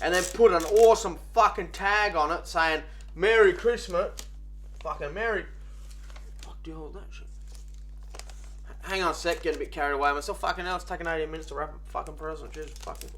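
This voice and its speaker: A man's voice: a little high, fast talker, a bit bright, slight background noise. A man giving rambling, sweary mock how-to advice while hungover. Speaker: vlogger. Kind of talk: comedic how-to vlog.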